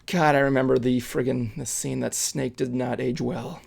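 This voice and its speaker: A man's voice: mid-range voice, fairly even intonation, normal speed, gravelly. A man hosting a casual podcast, narrating a script read with lots of fillers and laughs. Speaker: podcast host.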